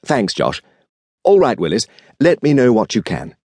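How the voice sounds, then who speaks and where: A male audiobook narrator voicing a composed middle-aged antiques dealer who speaks in a dry, measured, understated way. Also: mid-range voice, wildly swooping pitch, a little mellow, dry recording. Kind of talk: audiobook character reading.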